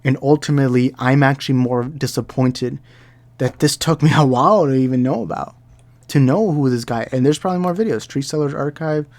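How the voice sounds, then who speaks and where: In a mid-range, slightly mellow voice and at a slightly fast pace, the young commentary YouTuber gives a heated, angry reaction, ranting and repeating himself.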